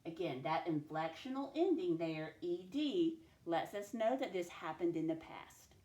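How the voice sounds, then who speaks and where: A woman teacher giving a recorded spelling dictation lesson, slowly sounding out each letter and sound. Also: lowish voice, animated, dark tone. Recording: echoey room.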